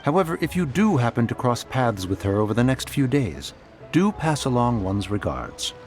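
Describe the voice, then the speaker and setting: A man's voice: medium pitch, big pitch swings, normal speed, lightly acted. A man voicing an aloof, weary ancient spirit beast in a video game, speaking in archaic, formal phrases. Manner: archaic formal speech, refers to self as one. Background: music.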